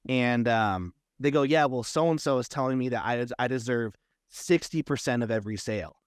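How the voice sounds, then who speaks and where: A man speaks as an interview guest in a casual, animated way, acting out the back-and-forth of quoted conversations. His voice sits at a middle pitch. The recording is dry and close, with no room sound. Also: moderate pace, dry recording. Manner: animated storytelling, acts out quoted exchanges. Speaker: comic book creator, guest.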